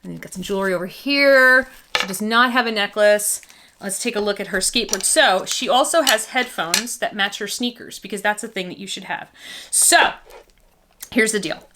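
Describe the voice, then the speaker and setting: A woman's voice: medium pitch, normal speed, noisy background. A woman doll collector vlogging casually, chatty and goofy, rambling between reviewing a doll and telling a family story.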